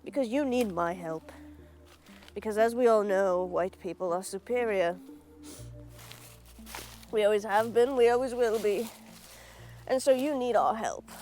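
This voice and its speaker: Smug British-accented savior woman, put on by a woman vlogger: condescending, preening, slow and self-satisfied, light music beneath. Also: mid-range voice, a little mellow, close to an everyday voice.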